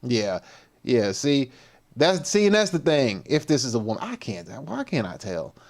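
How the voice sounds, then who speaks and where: Male livestream host, relaxed and slangy, lively pitch, commenting off the cuff. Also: moderate pace. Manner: loose, slangy, talks to the viewers and reacts as he goes.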